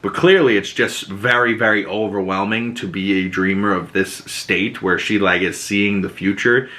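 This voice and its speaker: A man hosting a podcast, casually recapping a TV episode in an excitable, rambling way, full of "like" and swear words. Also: fairly low pitch, normal speed. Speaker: podcast host.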